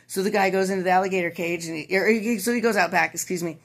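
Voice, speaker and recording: Woman with a lowish voice telling a swearing bar joke, casual and animated. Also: fast, creaky. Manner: profane, animated storytelling.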